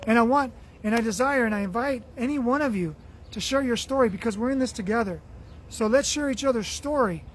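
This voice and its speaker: A man's voice: very high voice, a little fast, slight background noise. A man hosting a spiritual motivational livestream, talking earnestly and affectionately with repeated phrases while his voice is going. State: losing his voice. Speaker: livestream host reading viewer comments.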